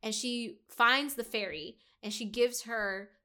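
A woman in casual chat with a fairly high, bright voice. She retells a story with animation and swears freely. She slips into the characters' lines as she goes. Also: steady tone, slow pace, clear, resonant tone. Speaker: podcast co-host discussing a book.

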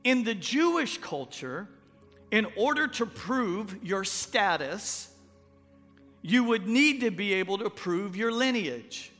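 A Texan pastor with a high, bright, forceful voice delivers a folksy, joking sermon in a conversational way. His words ring out with a long reverb through a church sanctuary, with faint music underneath. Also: big pitch swings, slow pace. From Texas.

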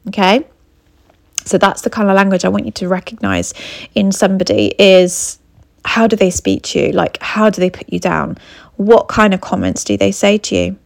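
Gravelly woman coach giving advice. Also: medium pitch, dry recording, clean studio sound. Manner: earnest, repeats key points, checks in with "okay?". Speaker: confidence coach and abuse recovery mentor. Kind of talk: advice talk to camera.

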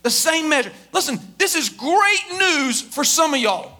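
High, bright-voiced preacher giving a sermon. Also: male voice, big pitch swings, unhurried. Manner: emphatic, rhetorical questions, repetition. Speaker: pastor.

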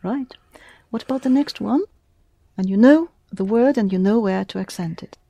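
A woman's voice: mid-range voice, normal speed, vocal fry, warm tone, dry recording. A woman teaching a language class, patiently prompting her students with questions. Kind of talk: classroom lesson.

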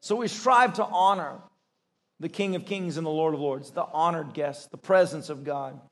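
A male pastor preaching a sermon to a church congregation, lively and excitable, breaking into shouts as he tells stories. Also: moderate pace. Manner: excitable, bursts into high shouts when storytelling. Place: church service.

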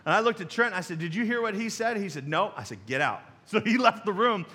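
A man's voice: sits high, expressive, quick pace, bright, forceful tone. A man in his forties preaching a sermon as pastor, telling folksy stories with chuckles and asides to the congregation. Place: church sanctuary.

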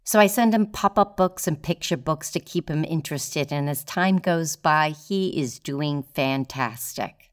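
Low, smooth-voiced woman telling her story. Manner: measured, deliberate, with weighty pauses. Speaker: solo performer telling her own story. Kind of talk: first-person storytelling performance.

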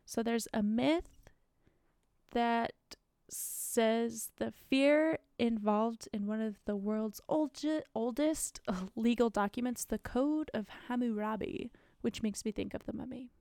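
A young woman co-hosts a podcast, rambling casually with plenty of fillers while she has the hiccups. Her voice sits on the high side and moves at a slow pace, a little mellow, clear and resonant. The recording is studio quality with no echo.

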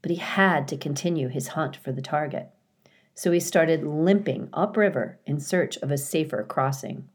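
A woman teacher reading a children's novel aloud in a calm, clear storytelling manner. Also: low-pitched, moderate pace. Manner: calm, clear storytelling with occasional dramatic emphasis.

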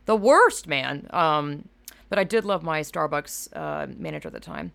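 Rambling, gravelly-voiced woman. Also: low voice, normal speed. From Georgia, US. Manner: rambling, profane, self-mocking; animated and loud. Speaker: podcast host. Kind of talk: casual solo podcast monologue.

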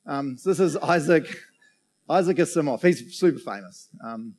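Speaking briskly in a medium-pitched, darkish voice, this man delivers a laid-back sermon. He jokes around and keeps checking in with his listeners after nearly each point he makes.

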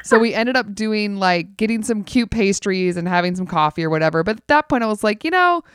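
A woman's voice: mid-range voice, fairly quick, clean tone, no echo. Casual host, woman, chatty and wry, packs her talk with fillers, dry close sound. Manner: chatty, animated, many "like" fillers; wry, laughs through the telling. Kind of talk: casual chat storytelling.

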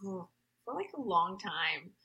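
Young woman singer, gravelly and husky. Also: fairly low pitch, big pitch swings, unhurried, pushed and bright, poor audio. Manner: rambling, many fillers. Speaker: guest, singer. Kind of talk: casual interview storytelling.

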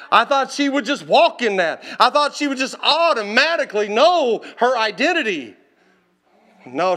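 High, bright-voiced preacher telling a story. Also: male voice. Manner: animated, laughing, calls out to the congregation. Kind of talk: storytelling sermon.

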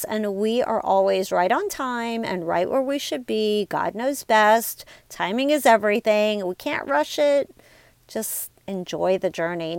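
A woman's voice: a little high, gravelly, no echo. A woman in her forties hosting a motivational podcast, talking in an upbeat, chatty way and often calling her listeners "you guys". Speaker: podcast host and life coach. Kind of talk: casual motivational podcast talk.

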